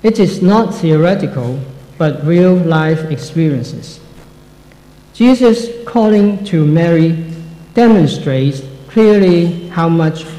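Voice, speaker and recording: A man explaining a Bible passage in a slow, reflective way, his voice mellow and a bit high. The recording is echoey, with a long reverb tail. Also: animated. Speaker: Bible teacher.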